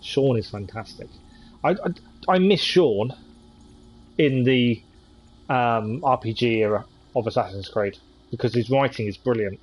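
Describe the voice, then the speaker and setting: A man's voice: medium pitch, unhurried, long pauses, slight background noise, poor audio. A man chatting casually as he streams a game and reads its text aloud. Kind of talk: live gameplay commentary.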